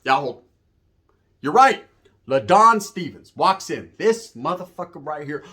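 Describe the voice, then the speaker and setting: Animated, profane man telling a story. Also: fairly high pitch, slow, long pauses. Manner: profane, animated, acts out the voices of people in his story; streetwise slang, keeps asking "right?". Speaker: storyteller guest. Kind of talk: casual storytelling.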